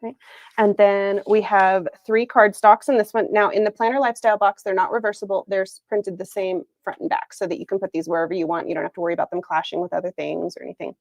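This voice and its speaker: A woman's voice: mid-range voice, little pitch movement, fast, creaky, no room sound. A woman hosting a casual livestream product reveal, chatty and upbeat, laughing often. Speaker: planner shop owner hosting a livestream. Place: Arizona.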